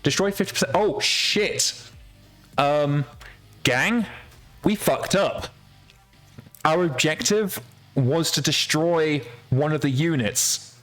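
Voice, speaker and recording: A man's voice: on the high side, slow pace, pauses often, a bit bright, faint music behind. Man chatting loosely over a game. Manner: chatty, swears freely, laughs at his own mistakes. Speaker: game developer streaming a game. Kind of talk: casual let's-play commentary.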